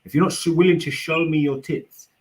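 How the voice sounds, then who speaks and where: A man's voice: a little high, steady tone, a little fast, rough recording. A young man on a livestream panel, rambling and hesitant, full of restarts and fillers. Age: young adult. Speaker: panel guest. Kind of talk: casual debate.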